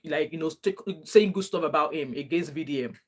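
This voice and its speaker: As a reaction vlogger, a woman offers casual, opinionated takes on a clip she plays, greeting her viewers along the way. Her voice sits low and her pace runs a little fast.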